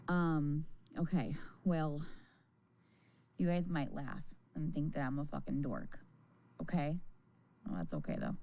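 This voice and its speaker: Tired woman livestreamer, slow and gravelly, rambling chat to viewers at home. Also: low-pitched, warm tone, a little hiss or hum. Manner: rambling, laughing, swearing casually. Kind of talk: casual live-stream chat. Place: her home.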